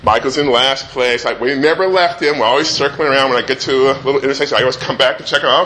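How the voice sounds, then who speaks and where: A middle-aged father telling a personal anecdote in a relaxed, animated way, acting out the voices. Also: medium pitch, fast. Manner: animated, acts out the voices in his story. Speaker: storyteller.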